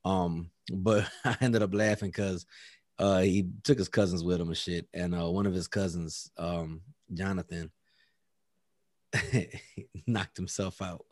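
Animated man telling a story, dry close mic. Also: low-pitched, slow pace, no echo. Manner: animated, acts out dialogue, laughs often, heavy profanity. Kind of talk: casual chat.

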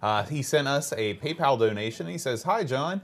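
Here a male podcast co-host, mid-range in pitch, speaks at a moderate pace with lively intonation. He keeps things casual, reading out listener emails with relaxed filler words.

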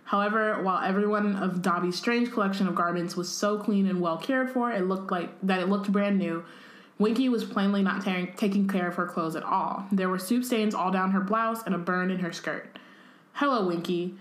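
A woman's voice: medium pitch, fairly quick. A woman co-hosting a casual podcast, reading a book aloud and breaking off for chatty asides full of filler words. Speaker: podcast co-host. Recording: roomy echo.

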